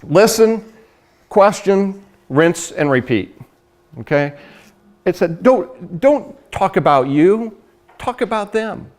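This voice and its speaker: A middle-aged man giving a lively sales training talk, acting out conversations and laughing often. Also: high-pitched, takes it slowly, pauses often. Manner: animated storyteller, acts out dialogue, laughs often.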